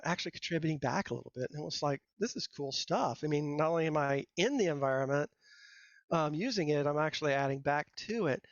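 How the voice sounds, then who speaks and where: High-voiced rambling middle-aged man. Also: dry recording. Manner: rambling, self-deprecating, full of fillers and restarts. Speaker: guest software engineer. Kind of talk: casual interview talk. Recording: dull dry lo-fi sound.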